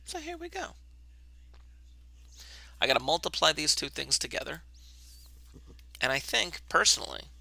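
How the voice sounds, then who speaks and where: Gravelly, bright-voiced male math teacher. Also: mid-range voice. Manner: casual, talks to himself while setting up camera. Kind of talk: online class lesson. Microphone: webcam.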